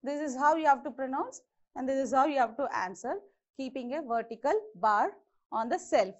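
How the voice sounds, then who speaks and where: A woman with an Indian English accent teaching an exam-prep English lesson, repeating each word slowly to model how it is said. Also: high voice. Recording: dull lo-fi sound.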